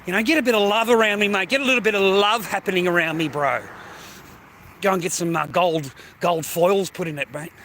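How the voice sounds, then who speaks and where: Older Australian bloke hosting a livestream, high and bright voice, foul-mouthed casual rambling, faint noise behind. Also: male voice, fairly quick. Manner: swears constantly, calls listener mate and bro. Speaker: livestream host. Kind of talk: casual rambling monologue to viewers.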